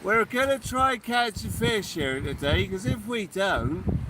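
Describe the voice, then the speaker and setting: A man's voice: high-pitched, animated, measured pace, far from the mic, noisy background. A man doing a broad Somerset country yokel voice. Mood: mock-solemn. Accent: put-on Somerset.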